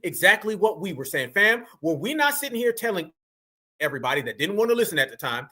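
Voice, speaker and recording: A man hosting a reaction commentary, talking in an animated, slangy way and addressing viewers as family. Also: sits high, quick pace, breathy edge. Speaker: commentary host.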